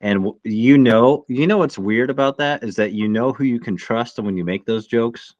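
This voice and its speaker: A man's voice: mid-range voice, moderate pace, a little mellow, no echo. Blunt, profane man co-host. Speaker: podcast co-host. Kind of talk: casual podcast chat. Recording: dry, dull lo-fi sound.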